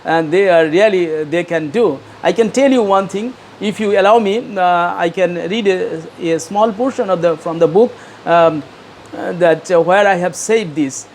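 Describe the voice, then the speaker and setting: A man's voice: sits high, normal speed, darkish tone, a little hiss or hum. A middle-aged man, interviewed as an author, answers earnestly and hesitantly with many fillers and repeats, and reads aloud from his book.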